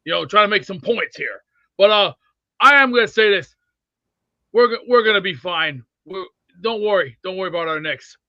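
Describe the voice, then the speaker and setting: A man's voice: high voice, moderate pace, no echo, exaggerated voice. A man playing a blustery old sports-fan crank. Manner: rambling, blustery, excitable rants. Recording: dull dry lo-fi sound.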